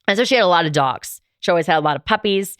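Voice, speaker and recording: A woman's voice: lowish voice, animated, racing, a bit bright, smooth, dry recording, studio quality. A woman in her thirties hosting a podcast, candidly telling a personal story in a casual, conversational way with frequent fillers. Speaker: podcast host.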